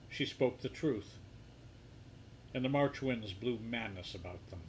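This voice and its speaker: A man reading a story aloud in a measured, hushed storybook style, softening his voice for the quoted lines. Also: mid-range voice, slight background noise, rough recording.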